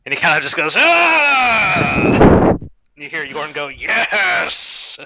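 A man acting as game master, narrating an online tabletop game in a lively way with quick restarts. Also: a little high, heavy background noise.

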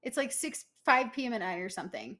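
Animated, emphatic woman telling a story. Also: a little high, fast. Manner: animated, emphatic, lots of "like" fillers. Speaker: podcast co-host. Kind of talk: casual storytelling chat.

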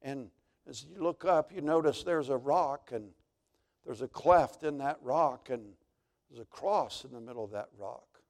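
A man's voice: mid-range voice, expressive, measured pace, a little mellow. A male pastor, preaching a sermon as dramatic storytelling.

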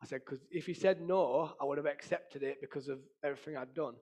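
A man's voice: a little high, quick pace, darkish tone. A man, sharing an emotional personal testimony in an earnest storytelling manner. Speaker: testimony speaker.

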